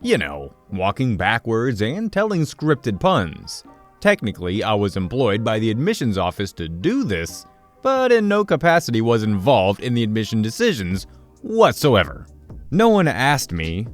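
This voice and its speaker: A male narrator reading internet stories aloud, his mid-range voice swinging widely in pitch as he tells them. His delivery is lively and expressive, with soft music playing faintly underneath. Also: unhurried. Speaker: story narrator.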